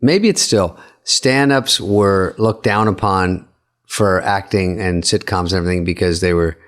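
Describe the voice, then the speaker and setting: A man with a lowish voice tells a rambling, self-deprecating story on a comedy podcast. He circles back with halting restarts, casual and unpolished. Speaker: comedian co-host.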